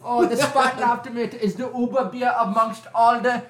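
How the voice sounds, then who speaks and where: A man's voice: extremely high pitch, steady tone, brisk, voice pushed up. A man putting on a creepy German accent to play a showy German man touting beers, drawing out each word like a salesman. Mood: boastful. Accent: put-on German. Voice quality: exaggerated, creepy put-on accent. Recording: roomy, echoey room.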